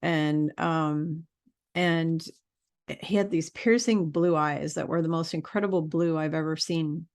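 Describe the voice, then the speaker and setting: A woman's voice: low voice, fairly even intonation, unhurried, a little mellow. A woman spiritual teacher in a casual vlog monologue, earnest and rambling with many fillers.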